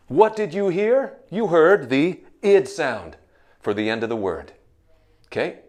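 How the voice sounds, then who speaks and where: A man runs an English pronunciation lesson like a drill sergeant, barking commands. He drills each word with long pauses between them, and his pitch jumps high and low. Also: sing-song. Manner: barked commands, slow drilled word lists. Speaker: English teacher.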